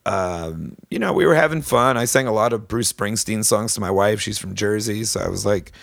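A man's voice: lowish voice, normal speed, creaky, a bit bright, no room sound, clean studio sound. A man guest on a podcast, telling a story in casual chat with lots of fillers and restarts. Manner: rambling storyteller, many fillers.

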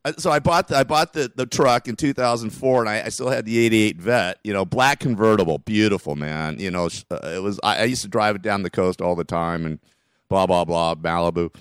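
A man's voice: lowish voice, fairly quick, clean tone, dry recording, clean studio sound. A grieving middle-aged man telling stories in casual conversation, rambling with frequent restarts and short laughs.

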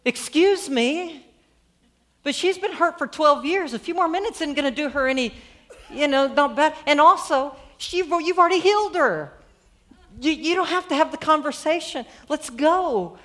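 An impatient, desperate father , acted by a woman preacher, urges everyone to hurry along. His voice is pushy and pleading, pitched a little high in a sermon retelling. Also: fairly even intonation, normal speed, hardly any pauses, close to an everyday voice. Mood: urgent, impatient.

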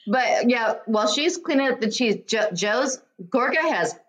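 A woman's voice: fairly high pitch, a little slow. A woman co-hosting a casual podcast, chatting enthusiastically as she recaps a show. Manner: chatty, enthusiastic, animated retelling. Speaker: podcast co-host. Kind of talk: casual chat recapping reality TV.

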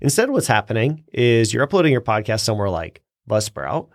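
A man's voice: mid-range voice, sing-song, fairly quick, dry recording, clean studio sound. A man co-hosting a podcast, explaining things step by step in casual chat and laughing easily. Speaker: podcast co-host.

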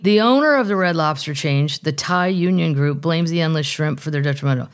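A woman with a lowish voice hosts a casual comedy podcast. She reads news items aloud and keeps breaking off into jokey asides. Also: brisk. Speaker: podcast host.

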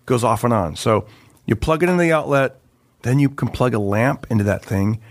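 A man's voice: mid-range voice, brisk, no room sound. A man, a comedian guest on a podcast, chatting casually and rambling with many restarts. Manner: rambling, restarts mid-sentence while explaining. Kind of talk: casual chat.

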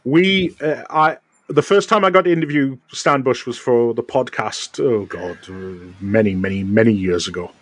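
A man's voice: medium pitch, normal speed. A man hosting a podcast, telling a long anecdote in casual chat with many fillers and restarts. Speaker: podcast host.

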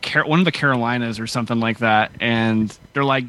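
A man's voice: medium pitch, a little fast, fairly bright tone. Laid-back, swearing male band guest. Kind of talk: casual chat.

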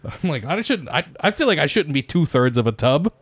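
A man's voice: on the high side, big pitch swings, a little fast, breathy edge. A young man chatting casually on a podcast, telling bathroom stories with lots of swearing and laughter. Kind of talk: casual chat.

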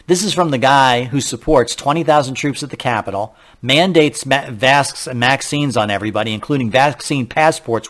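A political talk radio host speaks fairly quickly with few pauses in a mid-range voice. He sounds animated and disbelieving, firing rhetorical questions and laughing now and then at his own mistakes.

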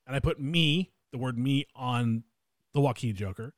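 A man co-hosting a podcast, telling a story in a casual, profane way that swings between loud and quiet. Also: mid-range voice, moderate pace, dry recording, studio quality. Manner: animated, swings loud and quiet, swears a lot. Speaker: podcast co-host.

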